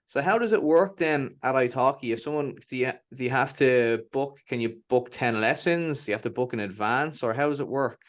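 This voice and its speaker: Quick curious interview host. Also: medium pitch. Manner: curious, asks questions and repeats words. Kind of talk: casual interview.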